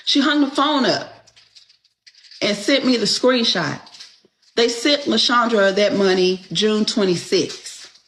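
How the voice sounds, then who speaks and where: Woman, slow-paced, slightly high voice, indignant, profane, casual storytelling, acts out dialogue. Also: a little hiss or hum, low-quality recording. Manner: indignant, profane, punctuates with rhetorical "Okay?".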